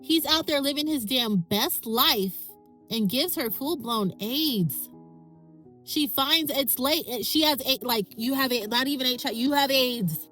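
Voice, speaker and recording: A woman's voice: sits high, measured pace, a bit bright, soft background music. A woman hosting a podcast, speaking in an impassioned, ranting monologue. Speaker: podcast host. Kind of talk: emotional monologue.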